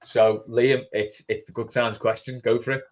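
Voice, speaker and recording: Excitable man hosting, swears freely. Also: medium pitch, normal speed. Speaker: podcast host. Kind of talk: casual chat.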